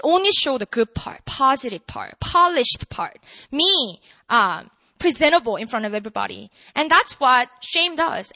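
Woman giving a sermon, high bright voice, dry close sound, lots of rhetorical questions. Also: dry recording. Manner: animated, emphatic, asks the audience rhetorical questions. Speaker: preacher. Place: room with an audience.

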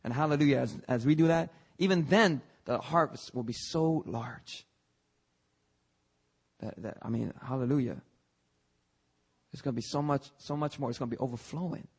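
A man's voice: mid-range voice, moderate pace, pauses often, slightly rough. A young man preaching a fervent church sermon, often breaking in with "hallelujah" in a sanctuary.

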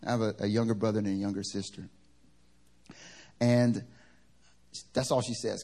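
A male pastor from the American South, preaching a sermon through funny personal stories, animated and joking. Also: mid-range voice, moderate pace. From Southern United States. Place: church service.

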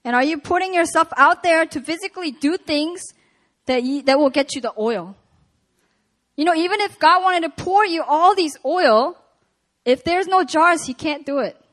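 A woman preaching at a prayer meeting, reading scripture and retelling it in a casual, animated way. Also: sits high, moderate pace.

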